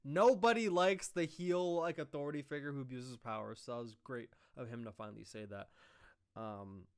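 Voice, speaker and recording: A man with a smooth, resonant voice recaps a wrestling show in a loose, rambling way. He swears freely and slips into quoted lines as he retells what happened. His pitch sits in an ordinary middle range. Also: normal speed. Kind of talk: casual recap commentary.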